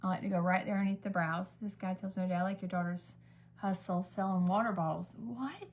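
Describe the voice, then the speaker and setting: A woman's voice: medium pitch, steady tone, a little fast. A woman chatting casually on a livestream while doing her makeup, rambling from one story to the next and sometimes dropping to a whisper. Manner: rambling, chatty, drifts between stories. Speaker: beauty vlogger. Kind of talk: casual get-ready-with-me livestream chat.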